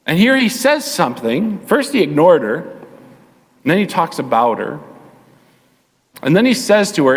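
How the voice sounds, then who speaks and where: A male pastor preaching a sermon, telling a Bible story with animated delivery and chatty asides to the congregation. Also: on the high side, normal speed. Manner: animated storytelling, acts out the voices. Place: church sanctuary. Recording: long reverb of a church hall.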